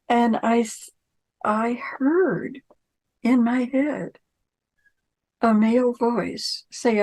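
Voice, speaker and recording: A woman's voice: a little high, slow, long pauses, a little mellow, poor audio. A woman telling a personal story in a chatty, anecdotal way, acting out the dialogue she recounts. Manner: acts out quoted dialogue in conversation. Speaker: storyteller recounting a spiritual experience.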